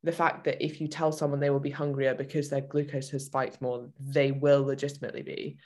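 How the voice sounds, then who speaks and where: A woman's voice: extremely low pitch, flat delivery, a little fast, a little mellow. Chatty woman fitness coach podcaster. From United Kingdom. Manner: chatty, frequent "like" fillers. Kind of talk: casual podcast chat.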